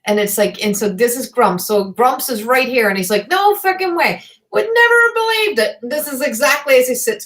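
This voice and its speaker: A middle-aged woman from Newfoundland hosting live psychic readings, talking in a halting, rambling way full of fillers. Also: mid-range voice.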